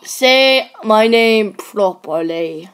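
A woman's voice: medium pitch, expressive, extremely slow, a bit bright. A woman voicing a creepy, playful female kidnapper pet in a homemade toy movie, shrieking a name and giggling. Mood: sly.

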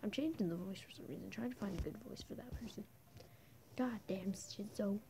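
A woman's voice: medium pitch, expressive, racing, creaky. A woman playing a story game and reading it aloud, making giggly, self-mocking asides over a faint hiss. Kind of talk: let's-play commentary.

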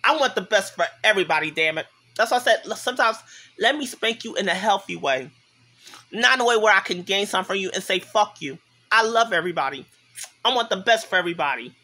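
Tearful man, high bright voice, preachy and impassioned vlog rant. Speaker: vlogger. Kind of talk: emotional direct-to-camera monologue.

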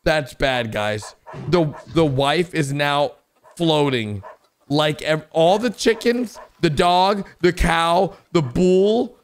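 A man excitedly commenting on cartoon clips for viewers, exclaiming, gasping and laughing as he goes. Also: a little high, takes it slowly, slight background noise. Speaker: host reacting to animations.

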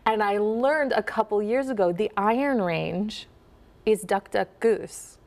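This is a woman with a Minnesota accent talking as a dialect coach in a relaxed interview. Her voice has a gravelly edge and sits at a middle pitch. She explains with energy, breaking into quick demonstrations of the vowels she describes. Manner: animated, demonstrates vowel sounds. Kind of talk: casual interview.

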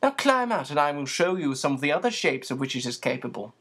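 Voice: mid-range voice, sing-song, quick pace, a bit bright, husky. A reader doing a sardonic old-fashioned magician. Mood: crisp. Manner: precise, formal, dry and commanding. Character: sardonic, crisp, authoritative male magician and teacher. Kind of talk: audiobook character voice.

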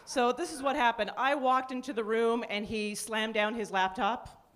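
A woman from Canada performing a stand-up comedy set on a club stage, dry and deadpan, with sudden high-pitched bursts. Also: moderate pace. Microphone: handheld stage mic. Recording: live club recording with audience laughter. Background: audience laughter.

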